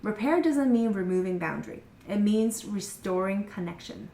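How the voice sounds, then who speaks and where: A woman in her thirties, a parenting coach, giving a calm, measured masterclass talk that slows down on key phrases. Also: mid-range voice, vocal fry, reverberant, slight background noise, rough recording.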